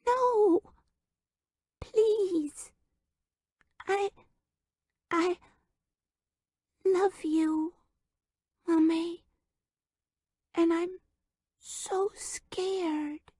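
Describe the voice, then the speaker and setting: A woman's voice: very high-pitched, extremely slow, long pauses, warm tone, dry recording, studio quality, pitched above the performer's own voice, exaggerated voice. A woman voicing a frightened little girl whose voice is quavery and lisping. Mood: frightened pleading.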